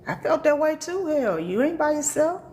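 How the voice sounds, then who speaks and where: A woman's voice: sits high, big pitch swings, moderate pace, very noisy. An older woman teaching as a spiritual reader on a live stream. She speaks bluntly and animatedly, swears freely, and laughs often.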